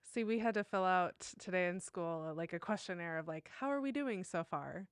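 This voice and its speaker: A woman's voice: on the low side, expressive, fairly quick, smooth, dry recording, clean studio sound. A woman on church staff co-hosting a casual podcast discussion, who talks with an apologetic manner and laughs easily.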